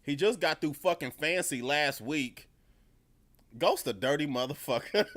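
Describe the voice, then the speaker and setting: A man's voice: on the high side, expressive, measured pace, fairly bright tone. A man giving a casual reaction review of a TV episode, profane and emphatic, often repeating his points. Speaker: TV show reviewer.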